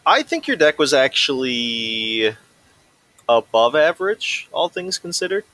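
A man's voice: mid-range voice, sing-song, unhurried, sharp tone, no room sound, low-quality recording. Dry-joking male podcast co-host. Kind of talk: casual chat.

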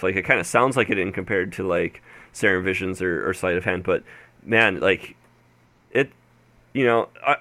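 A man co-hosting a podcast in a slightly low, bright voice, recorded dry and close. He hedges his opinions and stumbles through restarts before landing on a point. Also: dry recording. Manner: hesitant, hedging, many restarts. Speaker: podcast co-host. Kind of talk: casual chat about a card game.

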